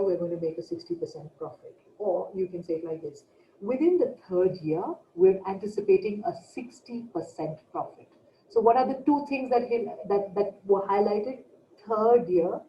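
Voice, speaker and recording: A woman's voice: mid-range voice, slight background noise. A woman leads an online workshop as a trainer, listing her points one by one and asking the audience rhetorical questions. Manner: emphatic, enumerating points, asks rhetorical questions. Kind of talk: online presentation coaching. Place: home, online video session. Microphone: computer mic on a video call. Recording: dull, roomy video call audio.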